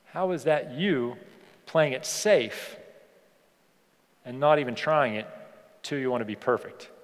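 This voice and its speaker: Energetic male keynote speaker, echoing hall. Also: mid-range voice, measured pace. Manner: energetic, emphatic, repeats phrases for effect. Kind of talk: motivational keynote speech. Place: large conference hall. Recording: long hall reverb from a PA.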